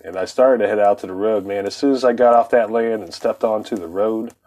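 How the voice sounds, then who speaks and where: A man's voice: lowish voice, a little fast, dark tone. A man tells a long, swearing-laced personal story in loose, rambling fashion. He often chuckles mid-sentence, and his voice sometimes drifts away from the microphone. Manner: profane, rambling, laughs often.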